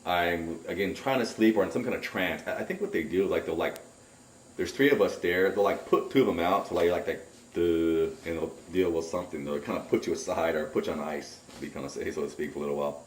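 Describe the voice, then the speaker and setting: A man's voice: low-pitched, fast, slight background noise. Man telling a story in an echoey room. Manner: rambling, excitable storyteller who acts out remembered shouts. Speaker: interviewee recounting a camping trip. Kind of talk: casual spoken recollection. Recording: roomy, distant home recording.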